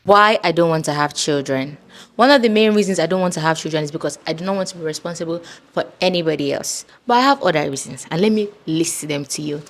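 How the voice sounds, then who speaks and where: A woman's voice: sits low, fast talker. A woman in a played clip bluntly listing her reasons in a casual talk to camera. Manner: emphatic, blunt. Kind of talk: casual talking-to-camera list.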